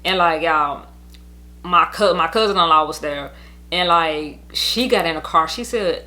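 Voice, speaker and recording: A woman's voice: sits low, unhurried, sharp tone. A young woman telling her custody story in a casual storytime monologue, blunt, heated and profane, rambling as she goes.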